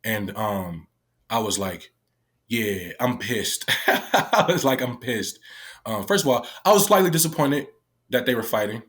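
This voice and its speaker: A man's voice: medium pitch, big pitch swings, normal speed, a bit bright. A man casually recounting a personal story, candid and emotional, swearing often and acting out what others said. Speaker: guest, former youth detention worker.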